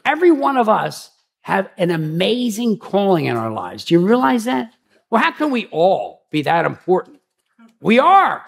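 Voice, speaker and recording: Pastor, man, higher-pitched and gravelly voice, rambling conversational sermon. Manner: chatty and rambling, with frequent restarts and asides.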